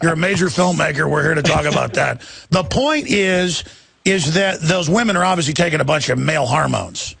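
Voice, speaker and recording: Gravelly, husky male radio host. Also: on the high side, a little fast, fairly bright tone, no room sound. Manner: sarcastic, ranting, laughs at own jokes. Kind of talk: talk radio interview.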